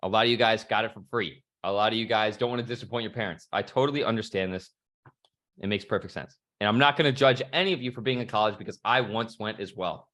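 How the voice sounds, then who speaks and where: A man's voice: fairly low pitch, quick pace, fairly bright tone. A young man giving a fired-up motivational talk on a video call, casual and profane, full of bro slang. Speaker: motivational speaker.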